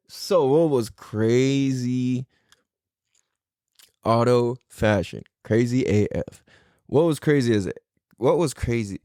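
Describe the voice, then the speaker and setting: Male solo podcaster, casual and profane, animated delivery, dry close-miked recording. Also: medium pitch, slow pace, pauses often, dry recording. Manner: rambling, profane, self-deprecating. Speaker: podcast host.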